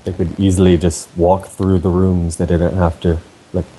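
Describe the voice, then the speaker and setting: A man's voice: deep voice, little pitch movement, normal speed, warm tone, slight background noise. A man in casual podcast chat who rambles with many fillers.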